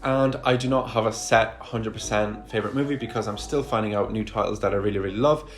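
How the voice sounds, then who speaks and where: He's a chatty Russian-speaking vlogger in his 20s with a low voice, talking fast in a casual Q&A to a camera he set up himself. Enthusiastic throughout, he swears frequently.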